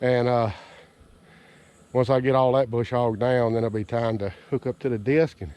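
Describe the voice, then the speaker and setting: A man talks to the camera while working outdoors in a garden field, out of breath and chatty. His delivery rambles in a folksy, self-deprecating way, with a voice of ordinary middle pitch. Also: steady tone, normal speed, dark tone, smooth. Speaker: homesteading vlogger. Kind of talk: casual outdoor vlog narration.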